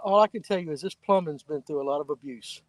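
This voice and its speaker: A man's voice: a little high, fast talker, no echo. A man, trading bawdy jokes in casual banter as a fishing show host. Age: 50s. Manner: joking, bawdy, drawling.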